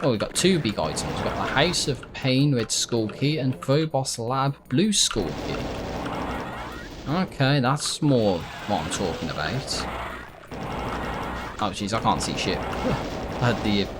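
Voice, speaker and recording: A man's voice: mid-range voice, sing-song, measured pace, heavy background noise. A man giving casual, rambling commentary as he plays a video game, correcting himself often and swearing when frustrated. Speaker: gaming YouTuber.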